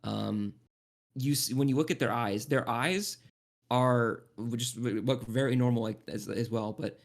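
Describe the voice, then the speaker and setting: A man narrating as game master of a tabletop role-playing game, halting and rambling with many restarts. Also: medium pitch, gravelly.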